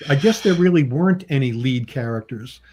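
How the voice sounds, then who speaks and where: A man's voice: animated, brisk, warm tone, a little hiss or hum. A man, a comic book writer and artist, chatting as a guest and telling anecdotes, often laughing and acting out what people said to him. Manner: chatty, acts out quoted people with pitch jumps; laughs often between remarks. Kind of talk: casual anecdotal storytelling.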